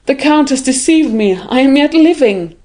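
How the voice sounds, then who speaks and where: A woman's voice: high-pitched, lively intonation, normal speed, mellow, voice pushed up. Audiobook: woman reader doing a frantic young man, raised anguished voice. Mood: despairing.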